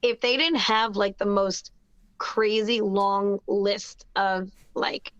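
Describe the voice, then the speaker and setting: A woman's voice: medium pitch, steady tone, slow pace, fairly bright tone, smooth, no room sound. A woman with a New Jersey accent chats through her story, upbeat and full of fillers and restarts. Her voice sits in a middle range, recorded dry and a little dull, with no room sound around her. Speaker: guest singer-songwriter. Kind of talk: casual interview chat.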